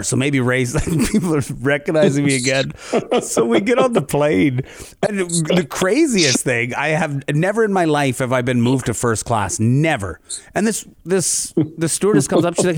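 A comedian from Canada telling a story in casual chat, jumping into high voices to act out other people. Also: male voice, animated, moderate pace, dry recording, clean studio sound.

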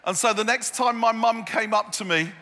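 A man's voice: high voice, moderate pace, pushed and bright. A man preaching a sermon, telling stories with humour and repeated phrases. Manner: humorous, self-deprecating storytelling with repeated phrases. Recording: echoey hall.

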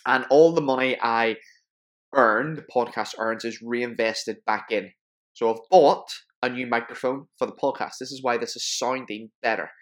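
A man's voice: medium pitch, normal speed, a bit bright. A man hosting a podcast, reading plugs in a chatty, jokey, self-mocking way. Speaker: podcast host. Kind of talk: casual podcast chat with ad reads.

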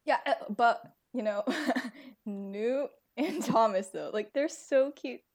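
A woman's voice: on the high side, takes it slowly, a little mellow. A young American woman in casual chat about books, gushing with lots of fillers. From United States. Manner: gushing, many fillers and laughs.

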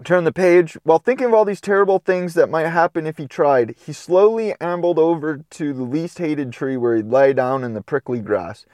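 A man's voice: fairly high pitch, moderate pace, hardly any pauses, darkish tone, dry recording. A man reading a children's storybook aloud, breaking off for chatty, playful commentary. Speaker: storybook reader. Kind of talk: casual read-aloud with commentary.

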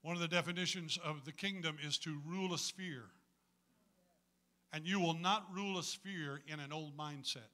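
A man's voice: on the high side, moderate pace, pushed and bright. A man preaching a sermon to a congregation in a folksy, humorous way, calling on them to answer back.

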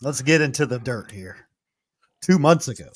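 Animated man reading reviews aloud. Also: medium pitch, moderate pace. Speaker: podcast co-host reading reviews. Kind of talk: casual podcast chat.

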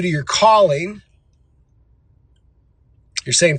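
A man delivers a motivational monologue as a show host, hammering his points with emphatic repetition. His voice sits a little high and bright with a husky edge. The sound is dry and close. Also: measured pace, long pauses, no room sound.

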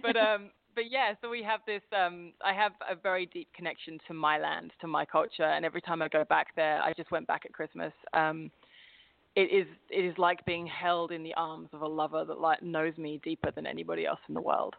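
A woman from England with an English accent tinged by an Australian twang, an expressive guest in a casual interview who laughs often. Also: low voice, fairly quick, creaky, no echo. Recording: tinny phone line.

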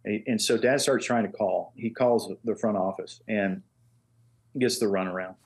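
A man's voice: fairly low pitch, moderate pace, breathy edge. An older man, a guest, telling stories in a casual chat and acting out the voices of people he quotes. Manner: animated storyteller who acts out quoted voices. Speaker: guest, master engraver. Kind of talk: casual storytelling.

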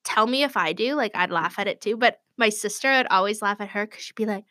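A woman's voice: mid-range voice, fast, bright, forceful tone, no echo, clean studio sound. A young woman in casual chat on a podcast, giggly and chatty with lots of "like".

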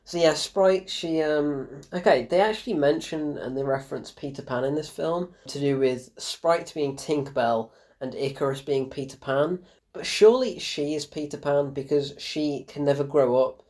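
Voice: mid-range voice, normal speed, darkish tone. A young adult, giving a casual, rambling film review full of sarcasm and self-corrections.

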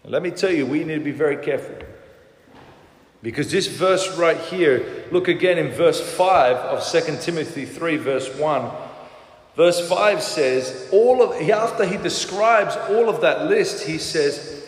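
A man's voice: a little high, measured pace. Man, pastor, emphatic sermon, lots of "uh" fillers, reverberant church hall. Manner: emphatic preaching with many "uh" fillers.

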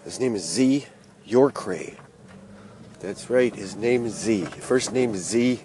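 A man's voice: medium pitch, animated, slow pace, long pauses, rough recording. A man in his fifties talking casually while driving, playfully chanting word games. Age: 50s. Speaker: podcast host. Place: car with the window open. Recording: loud wind and road noise. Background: wind and traffic noise.

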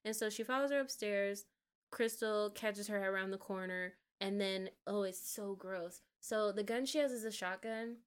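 A woman co-hosting a casual podcast, recapping a film scene by scene with animated storytelling and frequent swearing. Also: mid-range voice, clean tone. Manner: retells scenes in rapid run-on clauses. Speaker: podcast co-host. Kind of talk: casual movie recap chat.

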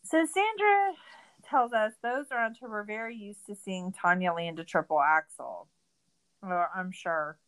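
Co-hosting a podcast, a thirtysomething woman launches into a profane, sarcastic rant of exasperation while casually recapping a documentary. She speaks in an expressive, unhurried mid-range voice that's smooth and a bit bright, though the audio quality is rough.

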